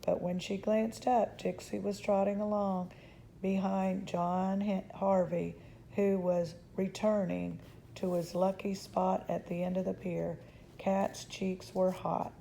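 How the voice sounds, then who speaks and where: A woman reading a children's chapter book aloud in a calm, measured way. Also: mid-range voice, vocal fry, a little hiss or hum. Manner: calm, measured, occasional restarts.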